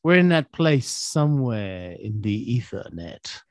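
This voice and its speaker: A man's voice: on the low side, very animated, unhurried. A male singer chatting playfully as a guest over a video call, often slipping into humming and snatches of song. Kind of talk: casual chat on a video call.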